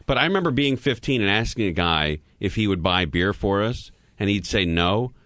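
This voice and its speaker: A man's voice: fairly low pitch, expressive, normal speed, a bit bright, dry recording, studio quality. A man hosting a radio talk show in a loose, rambling way, full of fillers, taking callers. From Southern California. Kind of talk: casual radio chat.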